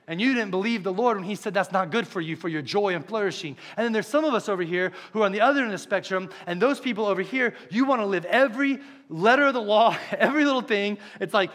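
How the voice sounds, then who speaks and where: Lively young pastor preaching. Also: male voice, high voice. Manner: conversational, animated, storytelling. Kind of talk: sermon.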